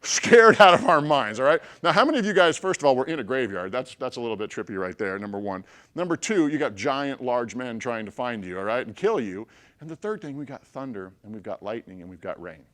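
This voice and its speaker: A man speaks to a group in an ordinary, mid-pitched voice that neither booms nor squeaks. He is telling a personal story, lively and animated, jumping from loud bursts to hushed, low moments. Along the way he keeps checking in with his listeners. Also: quick pace. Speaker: motivational speaker.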